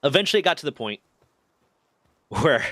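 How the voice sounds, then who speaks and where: A man's voice: a little high, normal speed, no room sound. Profane man telling a story. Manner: profane, animated retelling with quoted dialogue. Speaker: streamer. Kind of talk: casual storytelling.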